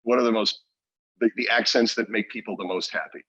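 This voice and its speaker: A man's voice: on the low side, fairly even intonation, brisk, bright, forceful tone, husky, dry recording, muffled recording. A man co-hosting a podcast in casual chat, rambling and restarting his sentences and laughing often. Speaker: podcast co-host.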